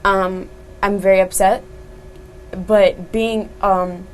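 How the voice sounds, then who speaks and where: A woman's voice: mid-range voice, steady tone, takes it slowly, a little hiss or hum, rough recording. A young woman, an activist guest on a talk show, speaking earnestly and firmly with many fillers. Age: young adult.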